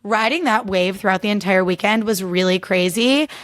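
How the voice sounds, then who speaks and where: A woman's voice: mid-range voice, moderate pace. A young adult woman hosting her own podcast, talking candidly in a chatty, casual way and leaning heavily on "like". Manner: chatty and candid, heavy use of "like". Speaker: podcast host. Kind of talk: casual solo podcast recap.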